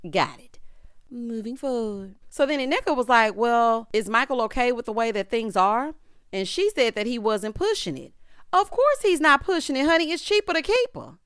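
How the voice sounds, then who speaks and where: A woman's voice: a little high, fairly bright tone, smooth, no echo, clean studio sound. A woman giving a sassy, sarcastic recap of a reality show in loose, slangy casual talk. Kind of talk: opinionated casual recap commentary.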